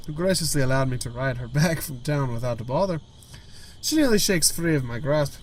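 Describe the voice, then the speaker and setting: Lively man reading a story game aloud. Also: mid-range voice, brisk, a little hiss or hum. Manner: reads with stumbles, restarts and side comments. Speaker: gaming video host.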